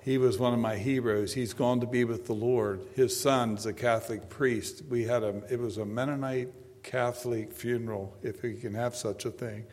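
A man in his seventies preaching a sermon, moving between quiet storytelling and loud, emphatic preaching. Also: medium pitch, steady tone, moderate pace. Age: 70s. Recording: long hall reverb.

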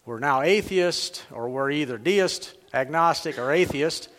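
A man lectures on church and culture, pausing and restarting his phrases. His voice sits slightly high for a man. Long reverb from a big hall trails each phrase. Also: fairly bright tone. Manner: halting, repeats words. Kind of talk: lecture with a read-aloud passage.

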